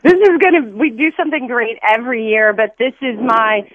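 A woman calling in to a radio show, chatty and excited. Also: on the high side, a little fast. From Southern United States. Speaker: caller. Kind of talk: phone-in chat. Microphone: telephone. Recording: dull phone line.

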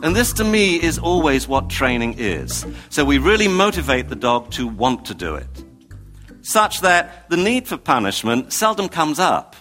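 A man from England giving a recorded talk, animated and comic, acting out scenes. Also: on the high side, unhurried, faint music behind. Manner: animated, comic, acts out owners. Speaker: speaker.

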